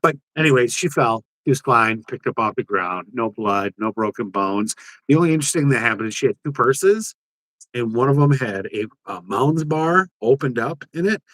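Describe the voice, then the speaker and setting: A man's voice: mid-range voice, lively intonation, moderate pace, fairly bright tone, no echo, low-quality recording. A man co-hosting a podcast, telling a rambling story in casual chat, with many fillers and some swearing. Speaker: podcast co-host.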